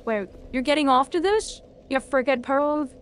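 A woman streaming a video game, reacting loudly and swearing freely at each twist of the fight. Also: high-pitched, normal speed, slight background noise. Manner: excitable, swears a lot, talks at the game. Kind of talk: live gameplay commentary.

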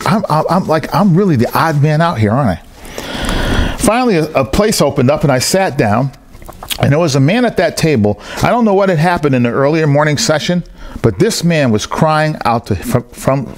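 A man's voice: mid-range voice, a little hiss or hum. A man preaching a sermon in a church hall, telling personal stories and acting out the voices of the people in them. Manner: animated storytelling, acts out other people's lines.

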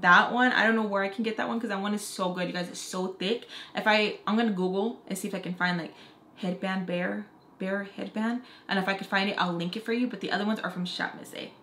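A woman's voice: medium pitch, steady tone, fast talker, fairly bright tone. A young woman telling a casual story in a chatty way, full of fillers, and acting out what others said. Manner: chatty, lots of "like" fillers, acts out quotes. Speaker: beauty vlogger. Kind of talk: casual story time chat. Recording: roomy echo.

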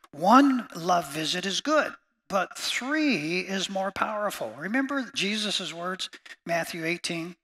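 Bright-voiced preaching man. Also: high voice. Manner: emphatic, repeats each point, addresses listeners as friends. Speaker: pastor. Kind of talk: sermon.

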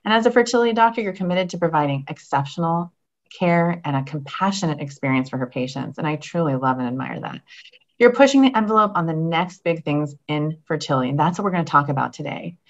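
A woman's voice: low-pitched, expressive, quick pace, highs cut off. A woman hosting an interview show, upbeat as she reads out her guest's bio and asks questions. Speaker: podcast host.

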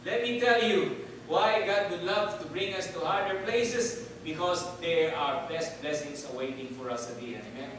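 A man on the high side, with a fairly bright tone and moderate pace, preaches a call-and-response sermon, asking listeners to repeat after him. It's captured from afar in an echoey church hall, with a little hiss or hum.

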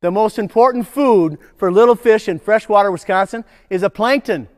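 A man's voice: sits high, moderate pace, big-room sound. An older man, a nature educator, leading a playful children's program full of call-and-response chants.

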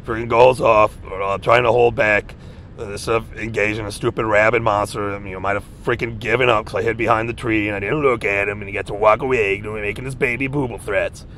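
Agitated man, rambling monologue, recorded outside with faint traffic rumble. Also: steady tone, fast talker, fairly bright tone. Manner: agitated, rambling, repeats himself. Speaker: vlogger. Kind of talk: rambling monologue reading news headlines. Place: outdoors in a park.

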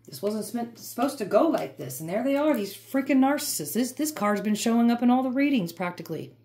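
A woman's voice: fairly high pitch, lively intonation, brisk, dark tone. Fired-up woman giving a tarot reading. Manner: emphatic, repetitive, fired-up. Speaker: tarot reader.

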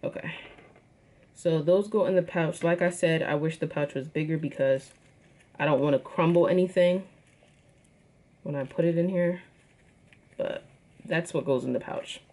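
A woman's voice: low voice, normal speed, pauses often, mellow. A woman chatting casually to her viewers as she unboxes and shows off jewelry, calling them y'all. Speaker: vlogger.

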